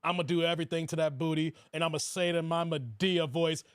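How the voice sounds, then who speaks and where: A leering older man with a voice that sits far lower than the speaker's own, as a man puts him on. He sounds smug and lusty, drawling slowly and repeating himself for laughs. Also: fairly even intonation, clear, resonant tone, no room sound, clean studio sound, close to an everyday voice. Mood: lustful. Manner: slow drawl with lines repeated for comic effect.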